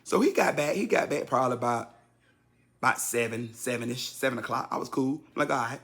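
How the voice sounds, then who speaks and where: A man in his fifties telling a personal story casually to his listeners, repeating himself for effect and jumping high and loud whenever he acts out what someone said. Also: fairly quick, gravelly. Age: 50s. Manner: animated, leaps high and loud when acting out quotes; talks straight to the audience, repeating himself.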